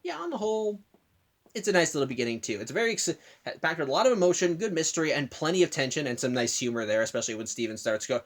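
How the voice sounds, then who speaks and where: A man's voice: fairly high pitch, big pitch swings. A man giving a casual spoken review who keeps stopping and correcting himself mid-sentence, recorded in an indoor room. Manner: rambling with frequent self-corrections; acts out the characters' lines in quick bursts. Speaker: video reviewer. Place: indoor room by a curtained window.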